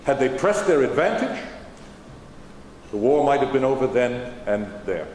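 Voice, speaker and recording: Speaking as General George Washington, dignified and older, a man delivers formal eighteenth-century lines in a sing-song, medium-pitched voice at a measured pace, a little mellow in tone. The poor recording from a large auditorium has an echoey, long reverb tail and some hiss or hum.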